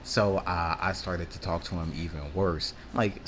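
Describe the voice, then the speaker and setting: Low-voiced man telling a rambling story. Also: fairly even intonation, normal speed, fairly bright tone, slight background noise. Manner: loose and profane, acts out the quotes with lots of fillers. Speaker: vlogger.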